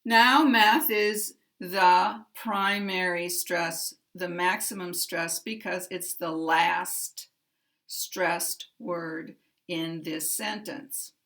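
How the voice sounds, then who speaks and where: Very slow, gravelly-voiced woman teacher. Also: fairly low pitch, fairly even intonation, a bit bright. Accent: American. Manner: very slow and careful, drawing out key words. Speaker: pronunciation teacher. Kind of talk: slow, deliberate teaching with spoken examples.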